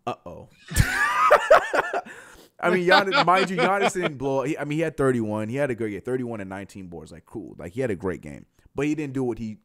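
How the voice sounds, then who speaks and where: A man co-hosting a casual sports podcast, talking in an animated, excitable way and often repeating himself. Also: mid-range voice, brisk. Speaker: podcast co-host.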